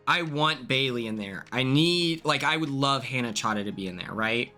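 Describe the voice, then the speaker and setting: Young male streamer, chatty, excitable, bright tone. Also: mid-range voice, normal speed, faint music behind. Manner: chatty and excitable, laughing often. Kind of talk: casual chat stream.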